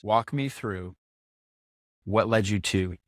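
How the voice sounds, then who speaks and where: A man hosting a podcast interview, relaxed and a bit awkward, stumbling a little as he sets up questions. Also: on the low side, takes it slowly, no room sound, clean studio sound. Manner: relaxed, slightly awkward, stumbles over openings. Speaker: podcast host. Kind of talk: casual interview conversation.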